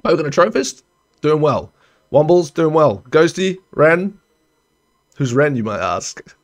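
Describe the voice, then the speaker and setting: A man's voice: very animated, a little slow, pauses often. A young man, casually commenting while playing a colony-building game, rambling and correcting himself as he goes. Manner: chatty, rambling, self-correcting, trails off low. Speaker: gaming streamer. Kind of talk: casual let's-play commentary.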